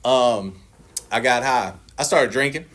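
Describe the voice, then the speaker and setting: A man's voice: mid-range voice, measured pace, a little hiss or hum. A man giving a personal recovery testimony to a meeting audience, telling it as a profane, joking story, laughing often and acting out his own past lines in a livelier voice. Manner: laughs often and shifts into a lively voice when quoting himself.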